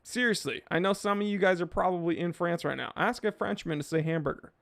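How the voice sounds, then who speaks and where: A man's voice: high voice, quick pace, vocal fry, few pauses, fairly bright tone. A man hosting a podcast, reading chat and rambling casually in laid-back slang.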